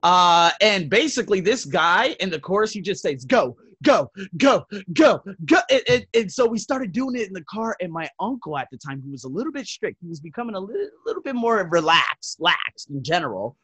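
Animated man telling stories on a podcast. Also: high-pitched, fairly quick, few pauses, husky, no echo. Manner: animated, swings loud and soft, laughs, swears. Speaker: podcast host. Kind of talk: casual storytelling monologue.

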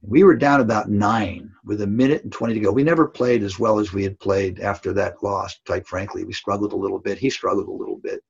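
Older male coach, gravelly and husky, earnest storyteller, lo-fi audio. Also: on the low side, steady tone, fairly quick, few pauses. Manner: earnest, emphatic, tag questions like "right?". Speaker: basketball coach. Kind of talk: storytelling in a podcast interview. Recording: dull lo-fi audio.

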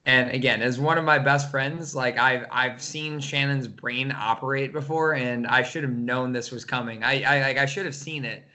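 Effusive man with a bright voice. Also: medium pitch, fairly even intonation. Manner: effusive, halting, many restarts. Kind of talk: casual chat.

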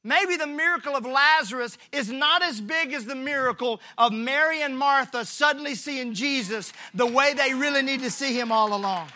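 A man pastor preaching a sermon, repeating his phrases for rhythm and swinging from shouts to hushed lines. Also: extremely high pitch, normal speed, hardly any pauses. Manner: acts out the voices of the people in the story.

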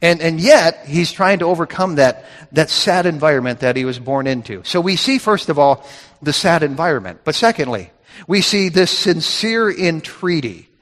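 A man's voice: fairly high pitch, expressive, normal speed, fairly bright tone. A man preaching a sermon from scripture, with emphatic, repetitive phrasing that builds in intensity. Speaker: pastor. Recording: reverberant hall.

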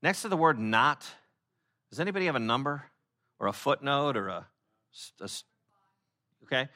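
A pastor preaching a conversational sermon, with many fillers and restarts, who acts out the people he quotes in lively voices. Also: mid-range voice, moderate pace.

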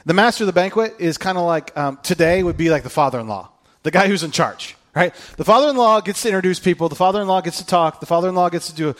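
High, lively male preacher. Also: fast. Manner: animated storytelling with jokey asides; acts out the quoted lines. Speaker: pastor. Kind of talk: sermon.

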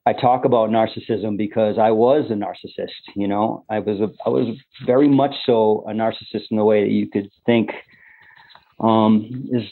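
A man's earnest, slightly low voice comes through a narrow, phone-like line. He tells his own story in conversation, pausing and restarting often. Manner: earnest, halting with many fillers and restarts. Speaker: podcast guest.

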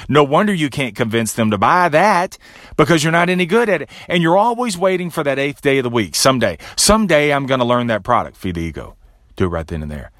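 A man hosting a podcast, giving a motivational monologue with a pep-talk delivery that drops low and quiet on each repeated refrain. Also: no echo, studio quality. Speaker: podcast host.

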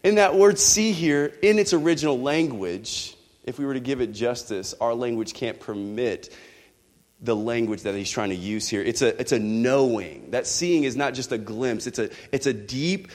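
A male pastor preaching a sermon, animated, with rhetorical questions to the congregation. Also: mid-range voice, normal speed. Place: church hall. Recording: echoey hall.

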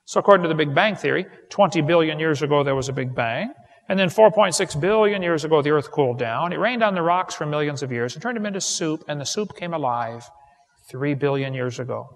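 A man's voice: on the high side, lively intonation, a little fast. A man giving a humorous seminar lecture, a folksy storyteller who builds his points to punchlines, recorded live in a large hall. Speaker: creationist seminar speaker.

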